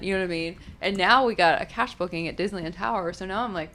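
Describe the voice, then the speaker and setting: A woman's voice: medium pitch, fast talker, few pauses, a bit bright. A woman co-hosting a podcast, chatty and sharing personal stories. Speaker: podcast co-host. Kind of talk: casual podcast chat.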